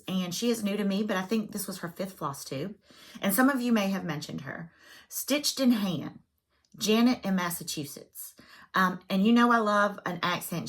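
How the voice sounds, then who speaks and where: A woman chatting casually as a cross-stitch vlogger, self-deprecating and full of fillers. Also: mid-range voice. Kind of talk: casual chat.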